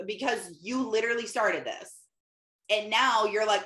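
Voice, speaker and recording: A woman hosting a casual live call, telling stories in an animated way and acting out her own lines with big jumps in pitch. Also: moderate pace. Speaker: host, life coach. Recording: echoey room.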